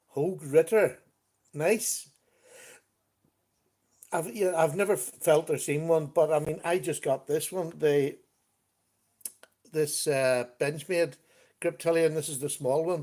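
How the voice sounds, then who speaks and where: A man's voice: on the high side, a little mellow. Chatty man hosting a livestream. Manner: chatty, greets viewers by name. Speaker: livestream host. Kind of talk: casual live-stream chat.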